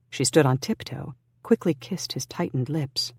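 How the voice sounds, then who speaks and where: An audiobook narrator reading a historical romance in an even, measured way. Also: mid-range voice, breathy edge, no echo.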